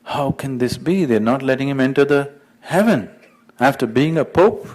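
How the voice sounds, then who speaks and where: A man's voice: medium pitch, lively intonation, moderate pace, darkish tone, voice pushed up, close to an everyday voice. A man voicing an indignant, self-important Pope turned away at heaven's gate, talking with pompous outrage. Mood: insistent.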